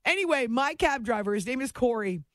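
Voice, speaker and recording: A woman hosting a late-night sports radio show, telling a story in a lively, chatty way with frequent laughs, in a station studio. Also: fairly high pitch, fairly quick, no room sound.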